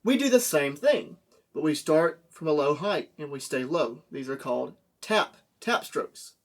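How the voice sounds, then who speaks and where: A man's voice: on the high side, lively intonation, a little slow. A man teaching a drum lesson, explaining step by step and checking in with "okay?" and "right?". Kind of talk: classroom lesson. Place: room with a drum. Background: drum hits.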